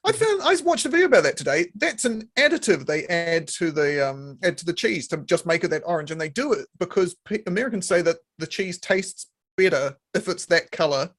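A podcast co-host talking in relaxed, easygoing chat. They laugh often and keep the conversation light. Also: mid-range voice, a little fast. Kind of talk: casual chat.

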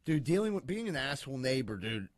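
A man telling a profane, animated story in casual chat among friends. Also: medium pitch, fast, dry recording, clean studio sound.

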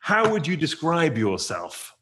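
A middle-aged man with a British accent, hosting an interview and telling stories in a relaxed way. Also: a little high, a little slow, a little hiss or hum. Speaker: podcast host. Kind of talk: conversational interview.

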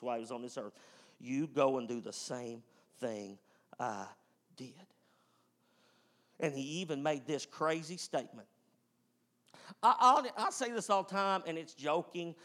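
Fervent high-voiced preacher. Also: male voice. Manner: fervent, emphatic, swings from loud whoops to hushed tones. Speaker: pastor. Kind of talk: sermon.

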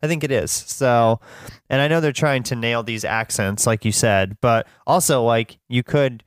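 A man's voice: medium pitch, moderate pace, clean tone, no echo, studio quality. A man co-hosting a podcast, chatting casually about a film and rambling with lots of fillers. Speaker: podcast co-host. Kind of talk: casual chat.

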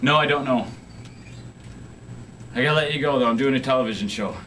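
A man's voice: mid-range voice, brisk, fairly bright tone, slight background noise. A man who owns a music store, hosting a casual local TV show from the store, joking around, tired and out of breath. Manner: joking, rambling, playful. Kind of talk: casual on-camera banter and phone calls.

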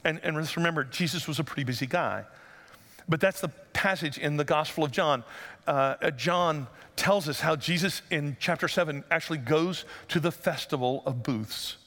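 A man preaching a sermon as pastor, conversational and joking, then rising to loud emphatic passages. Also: a little high, moderate pace, big-room sound.

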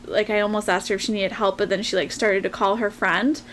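A woman's voice: mid-range voice, steady tone, fairly quick, fairly bright tone, a little hiss or hum. A young woman co-hosting a podcast, telling a rambling story in a chatty way and laughing often. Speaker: podcast co-host. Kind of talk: casual chat and storytelling.

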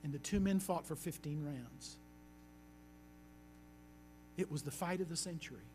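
A man as pastor, preaching a sermon with earnest storytelling that slows down for emphasis. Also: a little high, mellow, a little hiss or hum.

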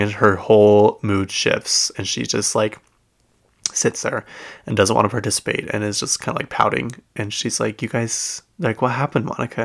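A man's voice: fairly low pitch, vocal fry, fairly bright tone. A man hosting a podcast, chatting casually and rambling with lots of fillers and self-corrections. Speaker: podcast host. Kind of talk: casual chat.

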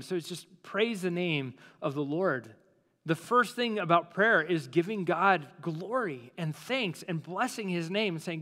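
A man's voice: a little high, animated, normal speed, bright, forceful tone, in a large hall. A man preaching a sermon as lead pastor, in a casual, conversational way with plenty of fillers.

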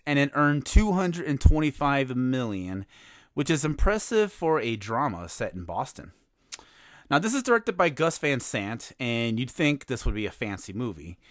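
Wry, animated male podcast host. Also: fairly high pitch, dry recording, clean studio sound. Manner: wry, self-mocking, animated. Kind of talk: scripted podcast monologue.

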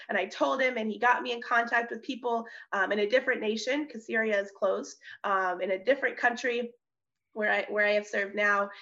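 A young woman, a missionary, telling her personal testimony in an interview, earnest and animated, often laughing and restarting her sentences. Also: a little high. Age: young adult. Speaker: missionary guest. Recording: slightly dull audio.

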